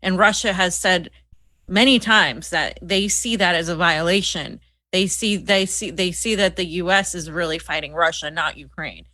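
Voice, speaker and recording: A woman co-host speaks in heated, scornful political commentary, often restarting her sentences. Her voice is bright and forceful. The sound is dry and close. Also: on the low side, normal speed, dry recording.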